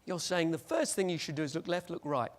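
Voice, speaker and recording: A man giving a lively, joking conference presentation and acting out little scenes. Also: fairly high pitch, fairly quick. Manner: animated, jokey, acts out scenes. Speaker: conference speaker.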